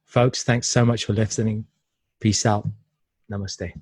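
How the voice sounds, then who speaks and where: A man's voice: lowish voice, flat delivery, a little slow, darkish tone, slightly rough, no room sound. A man hosting an interview show, chatty, upbeat and affirming toward his guest. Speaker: podcast host. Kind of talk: casual interview chat.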